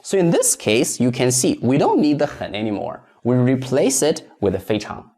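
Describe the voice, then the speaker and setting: A man teaches a grammar lesson in a methodical, step-by-step way. He asks the learner questions, then says each example sentence slowly twice so it can be copied. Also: mid-range voice, wildly swooping pitch, dark tone, slightly rough. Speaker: Chinese language teacher.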